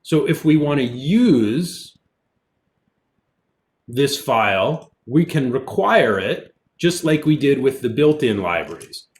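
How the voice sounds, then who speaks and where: This male college instructor speaks slowly in a mid-range voice, giving an easygoing programming lecture recorded online alongside a screen demo. He explains things as he goes, using fillers, while typing clicks away in the background.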